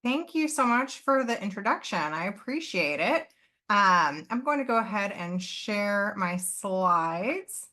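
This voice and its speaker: A woman's voice: mid-range voice, expressive, measured pace, pushed and bright. A woman professor giving a live online presentation, explaining earnestly with occasional fillers and self-corrections over a computer mic.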